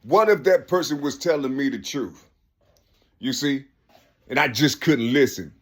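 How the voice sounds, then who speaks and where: A man's voice: mid-range voice, lively intonation, a little slow. A man giving earnest, preachy advice in street slang, repeating "you see?" again and again. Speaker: speaker giving life advice. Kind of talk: informal spoken advice.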